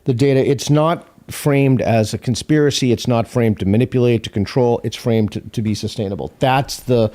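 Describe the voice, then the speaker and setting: A man on a political talk show panel, adding brief measured remarks. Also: mid-range voice, mellow.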